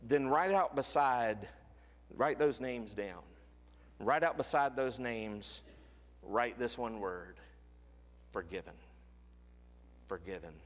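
A man preaching a sermon as a pastor and leading a closing prayer, earnest and often dropping to a soft hush. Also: mid-range voice, long reverb tail. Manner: earnest, drops to a soft hush on quoted words. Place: church sanctuary.

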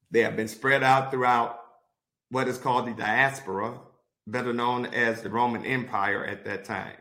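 A man teaching a Bible study, reading verses aloud and pausing to give deliberate, repeated marking instructions. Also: medium pitch, fairly bright tone. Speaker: pastor.

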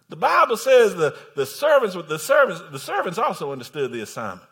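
A man preaching a sermon, telling the story in animated bursts that swing from shouts down to hushed tones. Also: high-pitched, a little fast, hardly any pauses.

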